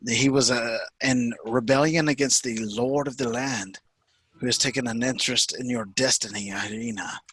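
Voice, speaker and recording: A man voicing an earnest, diplomatic adventurer who persuades loudly. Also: mid-range voice, fairly even intonation, moderate pace, husky, no echo. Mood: persuasive.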